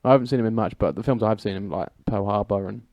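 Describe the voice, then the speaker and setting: A man's voice: lowish voice, quick pace, dull audio. A young man co-hosting a movie podcast, laid-back in casual chat and often giving short replies. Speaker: podcast co-host.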